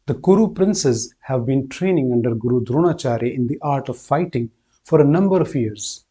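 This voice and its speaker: Man narrating a story, husky mellow voice. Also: mid-range voice, lively intonation, normal speed. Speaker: storyteller host.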